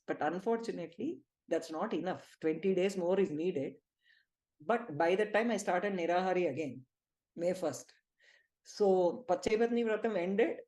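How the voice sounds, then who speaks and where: A middle-aged woman with an Indian English accent, leading a spiritual teaching talk with lively, emphatic storytelling. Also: medium pitch. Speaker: spiritual healing group leader.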